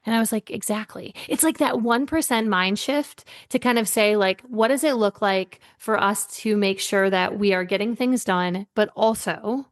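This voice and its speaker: A woman's voice: medium pitch, moderate pace, few pauses. A woman leadership coach, a guest on an interview podcast, telling workplace anecdotes and acting out the dialogue. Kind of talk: conversational interview.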